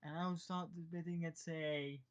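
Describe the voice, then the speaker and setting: A man's voice: fairly high pitch, fairly even intonation, a little slow, clear, resonant tone, voice pushed up, natural voice. A man playing a smug tiefling brothel keeper. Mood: showman. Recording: dull lo-fi sound.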